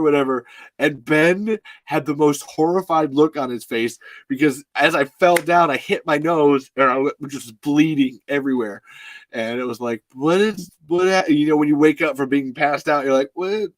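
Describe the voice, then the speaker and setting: A man's voice: on the high side, no echo. A man in his thirties telling a story in casual chat to a live audience, rambling with lots of "like", laughing often and swearing freely. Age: 30s. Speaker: live stream host.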